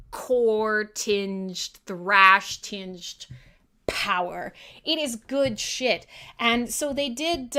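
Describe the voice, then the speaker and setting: A woman's voice: mid-range voice, clean tone. A woman hosting a live metal radio stream, chatting casually in a rambling, irreverent way and swearing freely. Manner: talks to her dog in a soft coo. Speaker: metal radio show host.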